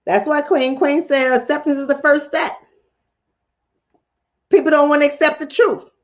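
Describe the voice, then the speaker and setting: A woman's voice: high voice, steady tone, moderate pace, muffled recording. A woman hosting a mental health livestream in casual chat, blunt and profane, talking straight to her viewers. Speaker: mental health talk show host.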